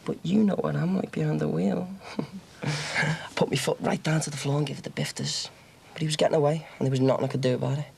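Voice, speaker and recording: A man's voice: fairly high pitch, fairly even intonation, fairly quick, gravelly, a little mellow, slight background noise. An actor playing a cocky young ex-con who brags about his violent exploits with a swaggering chuckle. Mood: boastful. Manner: boastful swaggering storyteller, chuckling. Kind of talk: TV soap drama.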